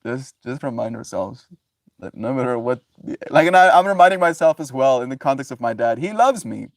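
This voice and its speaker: A man's voice: mid-range voice, animated, a little fast, dry recording, clean studio sound. Rambling, laughing male livestreamer. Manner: rambling, laughs often, loose filler-heavy talk. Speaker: livestreamer reading chat. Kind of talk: casual spiritual musing.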